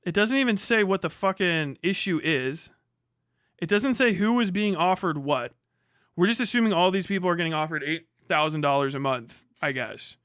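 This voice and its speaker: A man with a high, bright, ringing voice, recorded dry and close with no room sound. He reads an article aloud on a live stream and keeps tearing into it with exasperated, profane rhetorical questions. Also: lively intonation, normal speed, clear, resonant tone, no room sound. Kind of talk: live stream reaction, reading aloud and ranting.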